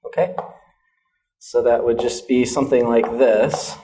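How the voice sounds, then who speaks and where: A man's voice: medium pitch, measured pace, a little mellow. An American man teaching English pronunciation, demonstrating vowel sounds and checking in with "okay?" after nearly every point. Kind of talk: classroom pronunciation lesson.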